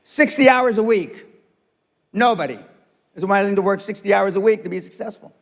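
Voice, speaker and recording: A man's voice: high voice, normal speed, vocal fry, in a large hall. An older man giving a blunt, profane and confrontational seminar speech to a live audience. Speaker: motivational speaker. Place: seminar room.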